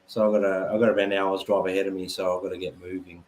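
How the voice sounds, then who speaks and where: Lowish guy on a stream, bit far off, faint hiss behind. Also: level tone, rapid-fire, a little mellow. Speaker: co-host. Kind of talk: casual chat.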